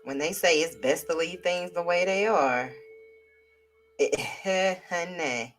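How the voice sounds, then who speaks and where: A woman's voice: lowish voice, slow, faint music behind. Chatty woman hosting a live stream. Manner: lively, chatty, talks to viewers as y'all and child. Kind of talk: casual live-stream chat.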